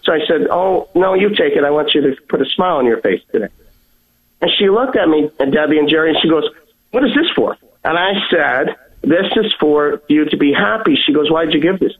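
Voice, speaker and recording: A man calling in to tell a personal faith story, earnest and halting, often repeating his words. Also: on the high side. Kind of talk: heartfelt storytelling. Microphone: telephone. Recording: tinny phone line.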